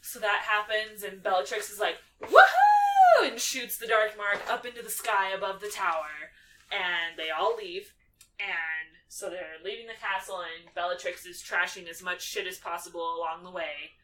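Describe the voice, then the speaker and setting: A woman's voice: fairly low pitch, moderate pace, recorded from a distance, slight background noise, low-quality recording. A woman co-hosting a podcast, casually retelling a film's plot and slipping into the characters' lines as she goes. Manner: animated storytelling, acting out lines with filler "like". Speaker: podcast co-host. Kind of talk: casual movie recap chat.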